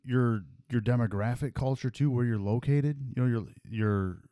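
A man's voice: mid-range voice, normal speed, dark tone, dry recording, clean studio sound. A man hosting a casual podcast chat, speaking in an earnest, reflective way. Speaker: podcast host.

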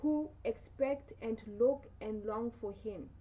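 A woman discussing faith in casual conversation, earnest and measured, often reading scripture aloud. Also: a little high, dark tone, a little hiss or hum. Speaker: guest.

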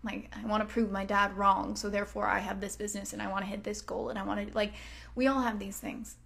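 A woman's voice: medium pitch, flat delivery, fast talker, vocal fry, fairly bright tone, breathy edge. A woman hosting a self-help podcast, talking casually and swearing freely. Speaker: podcast host. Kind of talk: motivational self-help talk.

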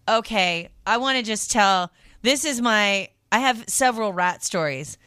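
A woman hosting a radio shopping show, chatting casually and animatedly, reacting with loud disgust and telling stories. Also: medium pitch, expressive, measured pace, clean tone, dry recording, clean studio sound. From lived in New York.

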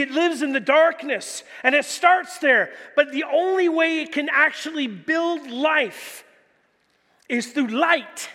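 In a church hall, a pastor preaches a sermon in a very high-pitched, pushed and bright voice with a big-room sound. He tells stories animatedly, using casual fillers like "like" and "you know."

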